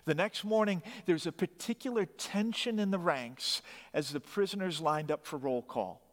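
A man's voice: a little high, normal speed. A man preaching, telling a story dramatically with emphatic rising bursts. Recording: long hall reverb.

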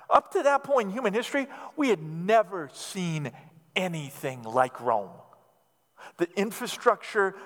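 A man preaching a sermon as pastor, his voice swinging between loud emphatic rises and quiet hushed drops. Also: sits high. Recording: long hall reverb.

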